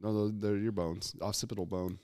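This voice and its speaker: Laid-back, low-voiced male co-host. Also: fairly even intonation, fairly quick, dark tone, no room sound. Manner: laid-back, profane, laughing often. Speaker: podcast co-host. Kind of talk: casual chat.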